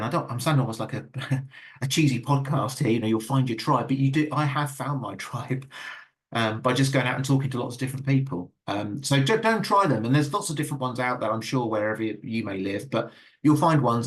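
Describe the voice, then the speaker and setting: Earnest Englishman giving a webinar talk. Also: mid-range voice. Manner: earnest, frequent fillers and stammered restarts. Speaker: guest speaker. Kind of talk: webinar talk with audience questions.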